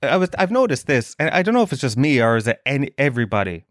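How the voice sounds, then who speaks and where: A man's voice: medium pitch, very animated, quick pace, no echo, studio quality. Sweary Irish man telling comic stories. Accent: Irish, Dublin. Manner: sweary, self-mocking storytelling with put-on voices. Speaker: podcast host. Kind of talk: comic monologue.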